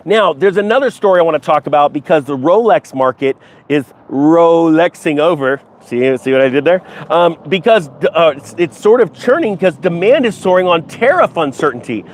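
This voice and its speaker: A man's voice: on the high side, expressive, brisk, slight background noise. A middle-aged man hosting a casual finance commentary, chatting to viewers in a rambling, jokey way that jumps between topics. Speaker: finance YouTuber host. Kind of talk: casual commentary to a live chat.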